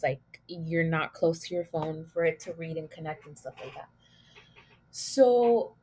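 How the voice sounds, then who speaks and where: A woman's voice: on the low side, darkish tone. A young woman hosting her own podcast, rambling through a casual story with lots of filler words and swearing. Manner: rambling, heavy use of "like", swearing, laughing at herself. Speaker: podcast host.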